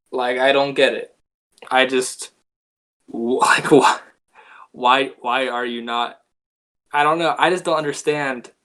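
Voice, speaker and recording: Man, deadpan comedy rambling, slow, hesitant, lots of restarts, middle pitch. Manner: halting, full of filler words and restarts. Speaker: comedy video creator.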